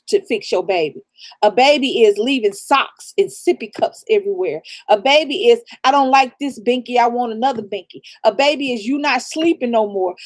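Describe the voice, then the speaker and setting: Blunt high-voiced woman giving real talk. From raised in the American South. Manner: blunt, profane, preachy real talk with laughter. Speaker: channel co-host. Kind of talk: casual live-stream chat.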